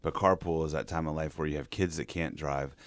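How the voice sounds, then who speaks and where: A man talking as a marriage counselor on a podcast, calm and measured, coaching a couple. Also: a bass voice, dry recording. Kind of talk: podcast conversation, giving advice.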